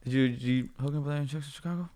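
A young man hosting a podcast in casual chat, excitable, swearing a lot and acting out movie lines. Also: medium pitch, rapid-fire. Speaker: podcast host.

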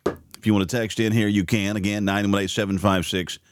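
A man's voice: brisk, smooth, dry recording, clean studio sound. A man hosting a morning radio and podcast program, rambling and opinionated in casual commentary. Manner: opinionated, rambling, animated pitch swings.

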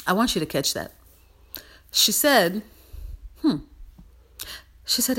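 A woman hosting a podcast in a casual motivational monologue, animated and emphatic, repeating phrases for emphasis. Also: mid-range voice, slow, slightly rough. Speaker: podcast host.

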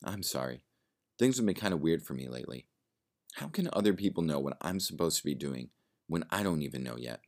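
A man's voice: very deep voice, sing-song, a little fast, full character voice. A man voicing a prickly, well-off woman who answers defensively in a bar. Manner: defensive, sharp retorts.

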